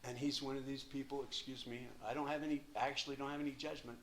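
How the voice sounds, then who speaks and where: A man in his sixties giving an impassioned, profane personal share at a recovery meeting, swinging from hushed to loud. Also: mid-range voice, flat delivery, fast, a little hiss or hum.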